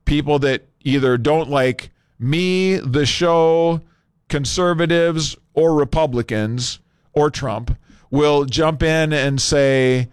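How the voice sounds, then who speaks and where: A male talk radio host speaks loosely into a studio microphone, thinking aloud with scattered fillers. His voice is smooth and resonant, and it sits close and dry with no room sound. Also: fairly high pitch, no room sound. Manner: conversational and unscripted, pausing with fillers.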